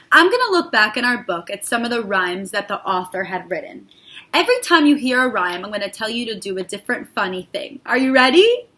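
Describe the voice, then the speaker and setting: A woman's voice: fairly high pitch, a little hiss or hum. A woman teacher reading a rhyming story aloud to children and leading playful movement and sound games. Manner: animated, playful, sing-song.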